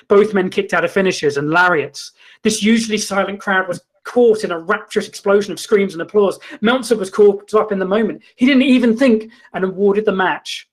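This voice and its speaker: A man hosting a comedy show, reading a mock-documentary story in a deadpan, mock-dramatic way. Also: sits high. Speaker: comedy host. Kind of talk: mock-documentary comic narration.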